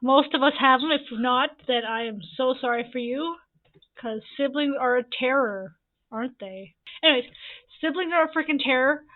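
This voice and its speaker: A woman in her early twenties telling rambling sibling stories over gameplay, repeating herself and adding quick asides. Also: high-pitched. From Canada. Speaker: gaming YouTuber. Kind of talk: casual storytime over gameplay. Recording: tinny phone-like audio.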